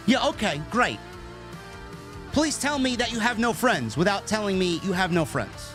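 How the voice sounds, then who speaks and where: High pitched guy ranting about wrestling fans, swears a lot, faint guitar music behind. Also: moderate pace. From New York. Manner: blunt, profane, animated rants. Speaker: podcast host reading super chats. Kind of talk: casual wrestling review chat.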